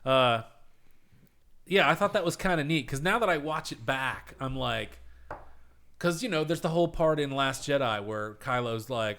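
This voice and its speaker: A man's voice: mid-range voice, moderate pace. A man in casual podcast chat, rambling and cursing freely as he retells film scenes. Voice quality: profane, rambling, animated retelling. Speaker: podcast host.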